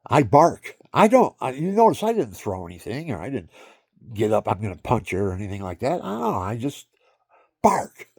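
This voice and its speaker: A man's voice: medium pitch, normal speed, vocal fry, breathy edge, no room sound, clean studio sound. A man in his seventies talking to his viewers in a rambling personal monologue, laughing often and breaking into silly sound effects. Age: 70s. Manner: animated, laughing, barking asides. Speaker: vlogger.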